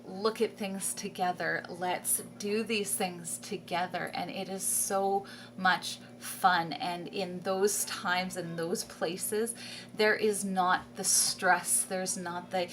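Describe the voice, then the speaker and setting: Talking slowly and steadily in a mid-range voice, this homeschooling mom speaks casually to camera for a vlog, with a touch of hiss or hum. She sounds enthusiastic, laughs frequently mid-sentence, and repeats words for emphasis.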